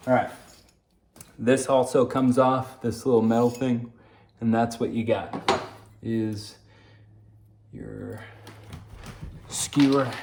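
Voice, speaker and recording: A man casually talking through a bike assembly, rambling to himself as he works and tossing in jokes. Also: mid-range voice. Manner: rambling, talks to himself while working, joking asides. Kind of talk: casual unboxing and assembly walkthrough. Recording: roomy, distant mic, clear background noise.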